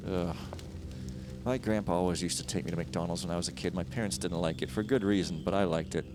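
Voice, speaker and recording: Low-voiced joking man playing a game. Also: brisk. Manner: rambling, jokey, plays silly voices. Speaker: game streamer. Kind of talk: casual let's-play commentary. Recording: game music behind the voice.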